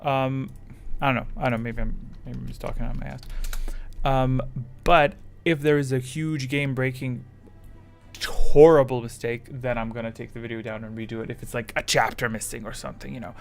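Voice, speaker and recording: A man's voice: mid-range voice, fairly even intonation, fairly quick, creaky, soft background music. A man chatting casually with his live chat as a streamer, rambling and self-deprecating, with English that is not his first language.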